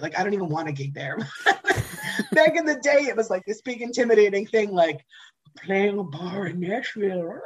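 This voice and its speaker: A woman's voice: medium pitch, husky, poor audio. A woman telling a personal story about singing in a casual, chatty way, with many fillers and frequent laughs. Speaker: singer telling her story.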